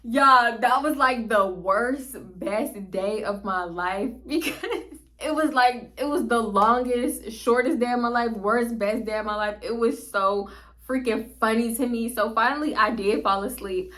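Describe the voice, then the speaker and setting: Bright, animated woman telling a storytime tale. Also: on the high side, unhurried. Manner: animated, laughing, talks straight to viewers. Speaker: vlogger. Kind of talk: casual storytime monologue.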